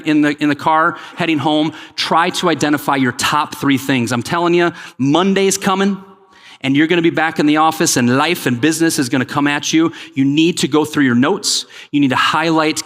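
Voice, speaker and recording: A man delivering a keynote to a conference crowd, lively and joking as he urges people to make noise. His voice sits a bit high for a man, and long reverb from the big hall trails each phrase. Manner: energetic, joking, pushes the crowd to respond. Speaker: keynote speaker.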